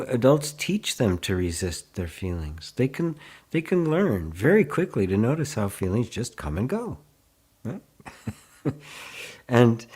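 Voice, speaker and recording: A man leading a live online satsang, speaking gently and unhurriedly, laughing often and answering viewer comments as he goes. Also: lowish voice. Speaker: spiritual teacher.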